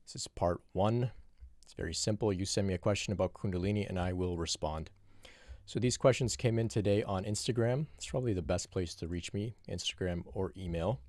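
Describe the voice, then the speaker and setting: A man with a deep, low-pitched voice answers viewer questions on his own, talking in a reflective, unhurried way. He often restarts his sentences and drops in "you know" as he thinks aloud. The recording is dry and close, with no room sound. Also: a little mellow, no room sound. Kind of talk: solo Q&A monologue.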